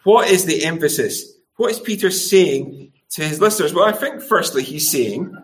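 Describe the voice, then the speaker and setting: A middle-aged man with a high-pitched, expressive voice preaches a sermon at normal speed. He throws rhetorical tag questions at the congregation and acts out quoted speech in shifting voices.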